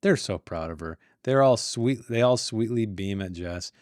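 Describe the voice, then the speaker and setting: A man's voice: fairly low pitch, expressive, normal speed, darkish tone, dry recording, studio quality. A man hosting a read-along, reading a book aloud and breaking off into rambling, joking asides, often stumbling over words. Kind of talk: casual read-along with commentary.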